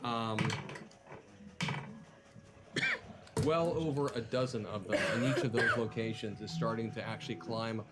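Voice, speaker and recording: A man's voice: mid-range voice, a little slow, pauses often, very noisy. A man running a tabletop game as game master, describing the scene with frequent ums and restarts.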